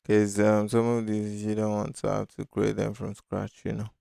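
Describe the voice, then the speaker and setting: A man's voice: on the low side, completely flat delivery, moderate pace, gravelly, warm tone, clear, resonant tone, no room sound, clean studio sound. A man hosting a casual live-stream design tutorial, talking loosely and thinking aloud with many fillers. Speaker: design instructor.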